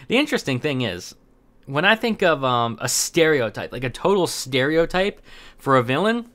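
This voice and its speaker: Bright-voiced young man rambling commentary. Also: mid-range voice, very animated, moderate pace. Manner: rambling, many fillers and restarts. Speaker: commentary host. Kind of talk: casual opinion commentary.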